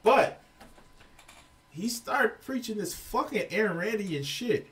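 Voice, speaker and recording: A man's voice: sits high, lively intonation, slow pace, pauses often, a bit bright, distant mic. A man giving heated, profane reaction commentary as a video reviewer, exasperated and ranting.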